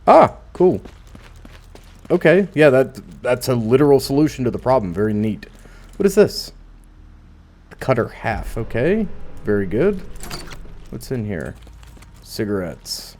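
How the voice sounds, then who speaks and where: A man's voice: mid-range voice, sing-song, unhurried, long pauses, darkish tone. A man casually commentating as he plays a video game, musing aloud with dry asides. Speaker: gameplay commentator. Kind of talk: casual let's play commentary.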